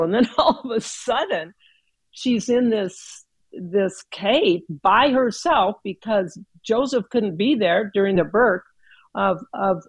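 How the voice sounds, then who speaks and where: A woman speaks earnestly in an unhurried devotional talk, thinking aloud with pauses and fillers. Her voice is mid-pitched and heard dry and close. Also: slightly rough, no echo, poor audio. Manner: earnest, reflective, slow with many pauses. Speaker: speaker sharing a Christmas reflection.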